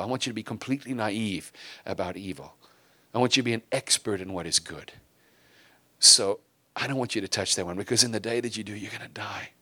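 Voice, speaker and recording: A man voicing God as a patient, fatherly figure who talks to Adam softly and coaxingly. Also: lowish voice, dry recording.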